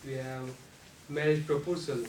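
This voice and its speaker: A man speaks slowly and deliberately in a meeting room, giving a prepared club speech about the voice in a level tone and non-native grammar. Occasional sudden jumps in pitch and loudness serve as examples. The distant mic picks up room echo and faint noise.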